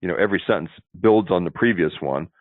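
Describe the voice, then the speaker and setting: Low-voiced man on a tinny phone line. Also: fast talker, dry recording. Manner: chatty, explanatory, keeps asking "see?". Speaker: sales trainer, interview guest. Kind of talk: instructive interview talk.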